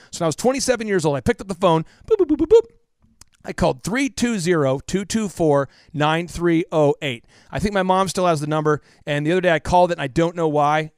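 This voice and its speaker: A man in his thirties tells stories as a podcast guest. He pushes his points with emphatic repetition and sinks to a hush in tender parts. His voice sits slightly high and sounds close and dry. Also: clean tone, dry recording. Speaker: podcast guest, business coach. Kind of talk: impassioned storytelling interview.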